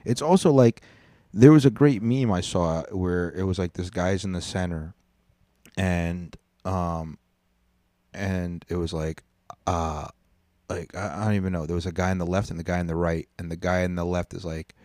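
A man's voice: deep voice, fairly even intonation, normal speed, warm tone, no echo, clean studio sound. A man hosting a podcast, ranting in a rambling, profane way and stumbling over his words. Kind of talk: casual rant.

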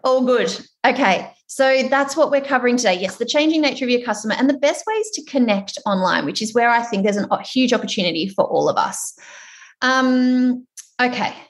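Aussie woman running an online workshop on a video call, kinda high voice, chatty and upbeat, cheering people on. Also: a little fast. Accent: Australian. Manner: chatty, encouraging, animated. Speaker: workshop presenter.

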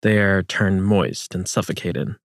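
A man reading historical fiction as narrator in a measured, solemn manner. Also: deep voice, no room sound, clean studio sound.

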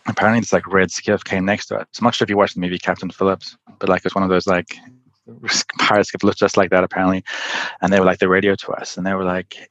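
A man's voice: sits low, fairly bright tone, dry recording, muffled recording. A man guest telling adventure stories in a casual interview, rambling with lots of "like" and laughing often. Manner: fast, laughing, rambling with many "like"s. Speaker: endurance athlete guest.

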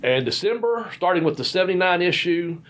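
A man's voice: sits high, expressive, a little fast. A man, a podcast co-host and former wrestler, telling rambling stories in casual chat. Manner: rambling, folksy, repeats words.

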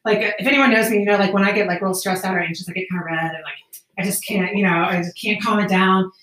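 A woman hosting a casual podcast, telling a story in a profane, animated way with quick laughs. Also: mid-range voice. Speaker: podcast host. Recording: roomy, distant amateur podcast mic.

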